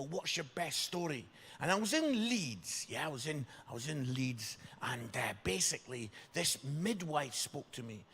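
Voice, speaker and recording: A Scottish man with a high, slightly husky voice tells funny stories to a live church crowd. He keeps checking in with the audience and breaks into sudden shouts. His voice rings out in an echoey hall. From Scotland. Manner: chatty, keeps asking "yeah?" for agreement; animated, jumps into loud shouts. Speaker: guest speaker at a church service. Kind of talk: comic storytelling to a live audience.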